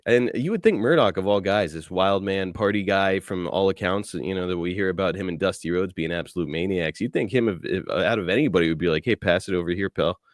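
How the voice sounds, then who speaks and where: A man's voice: sits low, fairly quick, hardly any pauses, dry recording, clean studio sound. A man hosting a podcast, asking eager casual questions with swearing and laughs. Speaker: podcast host. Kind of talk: casual interview chat.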